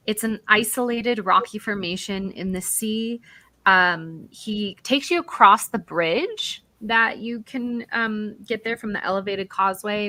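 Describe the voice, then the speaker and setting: A woman's voice: medium pitch, sharp tone, dry recording. A woman narrating as dungeon master in a casual, chatty way with plenty of fillers. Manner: chatty, lots of fillers and likes. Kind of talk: narrating a tabletop game.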